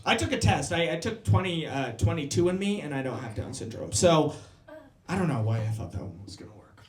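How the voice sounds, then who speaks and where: Brash and crude, a comedian with a slightly high, expressive voice works the crowd from a club stage, his jokes coming fast. The audio has a roomy club sound.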